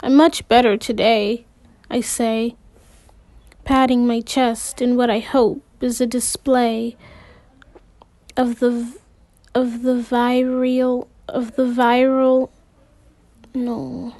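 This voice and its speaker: A woman reading a novel aloud in the first person, unhurried, with occasional slips and restarts. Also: fairly high pitch, completely flat delivery, mellow, dry recording. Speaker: amateur audiobook reader.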